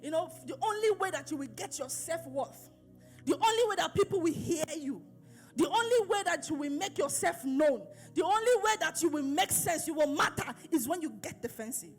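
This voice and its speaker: A woman's voice: very high-pitched, expressive, moderate pace, soft background music. A woman pastor preaching an emphatic sermon, repeating phrases and asking her listeners questions.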